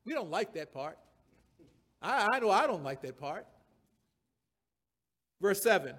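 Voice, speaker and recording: A man's voice: on the high side, very animated, measured pace, long pauses, a bit bright. A man preaching a sermon, reading scripture aloud and repeating key phrases and verse references, swelling to emphatic peaks.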